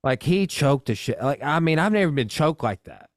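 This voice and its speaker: A podcast host in casual chat, retelling a training story excitedly and rambling. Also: male voice, a little high, normal speed, dry recording, clean studio sound.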